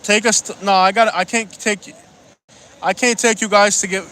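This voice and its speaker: A man's voice: high voice, fairly even intonation, moderate pace, pushed and bright, a little hiss or hum. A man live-streaming outdoors on a beach at sunset, rambling and joking in casual chat and reading out viewer comments.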